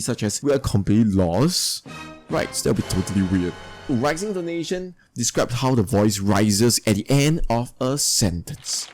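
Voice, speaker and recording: Man, teacher, recorded lesson, even middle pitch, steady explanatory delivery. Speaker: English teacher.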